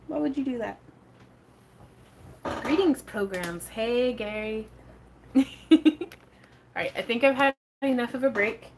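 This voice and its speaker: A woman's voice: a little high, slow, pauses often, slight background noise. A woman hosting a casual craft livestream, chatting with viewers and her pets while she works, laughing often.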